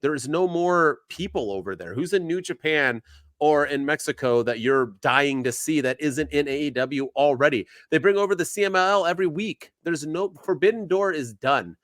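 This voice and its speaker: A man co-hosting a wrestling podcast, talking in animated, ranting bursts. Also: fairly high pitch, moderate pace, no echo, clean studio sound. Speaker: podcast co-host. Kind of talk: casual podcast chat.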